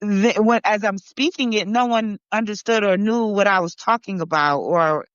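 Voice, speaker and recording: A woman from Barbados and New York chats casually on a podcast, rambling along with plenty of fillers and restarts. Her voice is medium in pitch at a normal speed, recorded without echo but with a dull, lo-fi quality.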